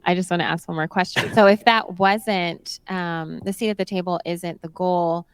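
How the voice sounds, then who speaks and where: Woman moderator, eager, earnest questions; low, smooth voice. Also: fairly even intonation, normal speed, no room sound. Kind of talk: asking questions at a public event.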